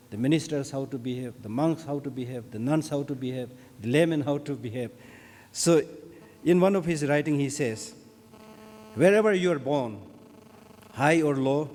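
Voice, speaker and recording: A man giving a formal, measured speech on Buddhism and knowledge at an opening ceremony. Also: medium pitch, a little mellow. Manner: measured, deliberate delivery with emphatic repetitions. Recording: long hall reverb.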